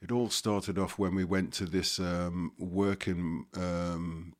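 Deep-voiced older Scouse man reminiscing. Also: level tone. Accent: Liverpool (Scouse). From Liverpool, England. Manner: halting, many fillers and restarts. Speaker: guest storyteller. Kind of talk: casual recollection.

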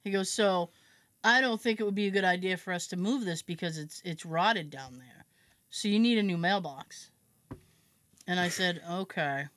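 A woman's voice: fairly low pitch, moderate pace, no room sound. Dry-voiced woman telling a story. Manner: animated storyteller, acts out other people's lines; self-mocking, swears casually. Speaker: podcast host. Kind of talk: casual chat.

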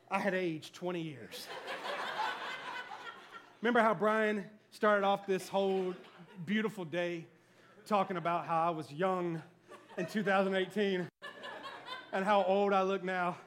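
High, bright-voiced middle-aged pastor. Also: male voice, a little slow, pauses often. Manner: animated comic storytelling. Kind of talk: sermon. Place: church service before a congregation.

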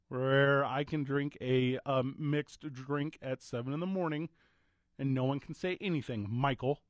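Playful sports radio host. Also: male voice, medium pitch, unhurried, no echo. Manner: playful, joking banter. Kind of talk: casual radio chat. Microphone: studio microphone.

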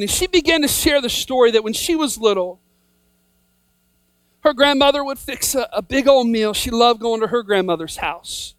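High-voiced woman preaching with fervor. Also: animated, normal speed, smooth, no room sound. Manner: emphatic, repeats a refrain, rises to shouting. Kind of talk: sermon.

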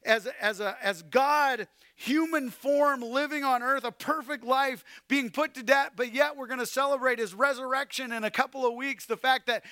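A man preaching a sermon, swinging between loud calls and hushed, quiet passages. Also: very high-pitched, moderate pace, hardly any pauses, no room sound, clean studio sound. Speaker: pastor.

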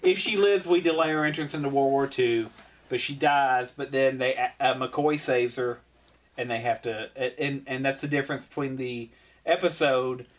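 A man's voice: mid-range voice, normal speed, distant mic. Rambling man co-hosting a casual chat. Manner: rambling, restarts often, laughs at his own jokes. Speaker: podcast co-host.

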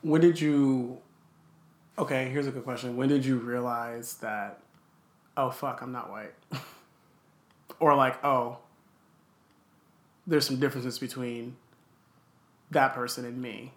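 A woman's voice: a bass voice, fairly even intonation, takes it slowly, long pauses. A woman interviewing a guest in casual talk, blunt and joking, swearing freely. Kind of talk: casual conversation.

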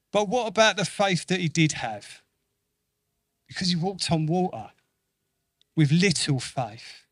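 A man's voice: fairly high pitch, dry recording. A man preaching a sermon in an earnest way, repeating phrases for emphasis and acting out quoted voices. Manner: acts out quoted voices with lively shifts.

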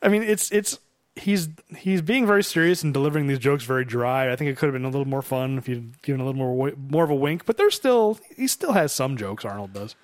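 A man's voice: mid-range voice, lively intonation, fast, no echo, studio quality. A man co-hosting a casual movie discussion, chatty and amused, often restarting his sentences. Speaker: podcast co-host. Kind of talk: casual movie commentary chat.

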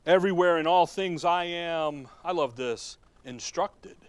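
Folksy preacher, high voice. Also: male voice, measured pace, clean tone, no room sound. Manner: folksy, asks the congregation questions and chuckles. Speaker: pastor. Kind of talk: sermon.

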